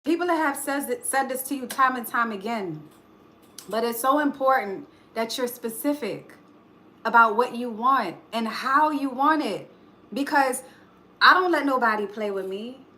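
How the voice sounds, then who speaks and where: A woman's voice: fairly high pitch, expressive, measured pace, pushed and bright. Emphatic woman giving a tarot reading. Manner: emphatic, preachy, swears casually. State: choked up. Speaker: tarot reader. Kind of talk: live tarot reading, motivational talk.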